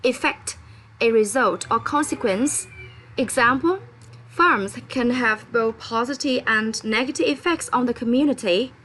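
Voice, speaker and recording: A woman's voice: fairly high pitch, unhurried, a bit bright, a little hiss or hum, rough recording. A woman teaching English vocabulary, spelling words letter by letter and often checking in with "okay?". Her first language is Vietnamese. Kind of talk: vocabulary lesson.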